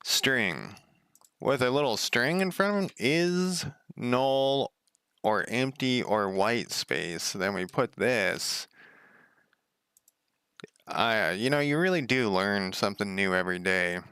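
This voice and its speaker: Slow, gravelly-voiced man thinking aloud. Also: on the low side, lively intonation, a bit bright, dry recording, studio quality. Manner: muttering to himself, casual swearing, wry asides. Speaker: game developer streaming. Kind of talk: thinking aloud while coding.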